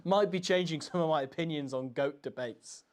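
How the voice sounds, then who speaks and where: A man's voice: on the high side, normal speed. A man co-hosting a live reaction stream, chatting casually and agreeably as he reads out questions from the chat. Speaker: co-host of a rugby channel.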